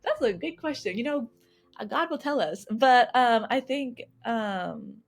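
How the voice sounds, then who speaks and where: A woman guest answering interview questions in an earnest, fast way, restarting and repeating words often. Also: a little high, expressive. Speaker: guest, youth engagement coordinator at a health nonprofit.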